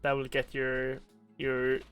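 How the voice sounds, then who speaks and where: A man's voice: medium pitch, monotone, takes it slowly, a bit bright, clean tone, soft background music. A man hosting a casual podcast chat, rambling and joking crudely with lots of fillers. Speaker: podcast host.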